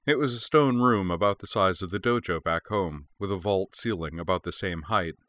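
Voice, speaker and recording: A man narrating an audiobook in a steady, measured reading. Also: low voice.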